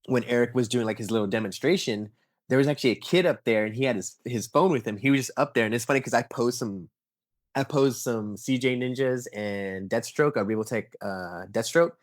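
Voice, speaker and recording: Young adult man, podcast guest, casual animated storyteller, mid pitch, dry sound. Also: a little fast, dry recording. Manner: animated storyteller, acts out quotes, many fillers like "like" and "um". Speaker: podcast guest, toy photographer. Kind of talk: casual interview chat.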